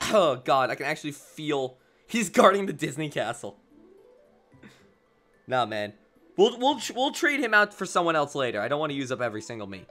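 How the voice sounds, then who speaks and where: A man's voice: on the high side, sing-song, moderate pace, a bit bright, soft background music. A man giving let's play commentary, mocking and sarcastic, laughing often. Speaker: gaming streamer.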